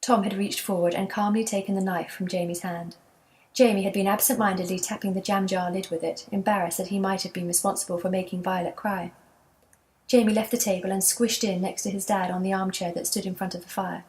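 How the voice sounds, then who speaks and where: A woman narrating a children's chapter book in a steady, gentle storytelling manner. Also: mid-range voice, a little fast. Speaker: audiobook narrator.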